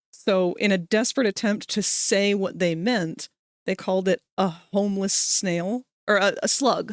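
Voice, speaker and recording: Talking to her viewers as she works on a live stream, this woman drifts through meandering stories in a relaxed, chatty way. The pitch is medium and the sound is clean, like a studio, with no room noise.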